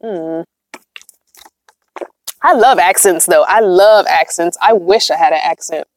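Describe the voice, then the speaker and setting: She speaks a little slowly in a fairly low voice, and there's no room sound at all. The woman is a van-dwelling vlogger livestreaming from inside her van, chatting casually, reading live chat aloud, and laughing often.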